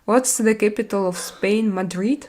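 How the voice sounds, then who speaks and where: A middle-aged woman whose first language is Russian, and who speaks with a Russian accent, hosts a casual live-stream chat. Blunt and chatty, she answers viewers in halting speech full of fillers and restarts, her mid-range voice a little mellow.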